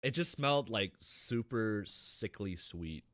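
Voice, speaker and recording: A man co-hosting a gaming podcast, chatting loosely and swearing freely. His voice sits low but cuts through with a bright, forceful tone and jumps around a lot in pitch. The sound is close and dry. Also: no echo. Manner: animated, profane, quick to laugh. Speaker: podcast co-host. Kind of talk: casual chat.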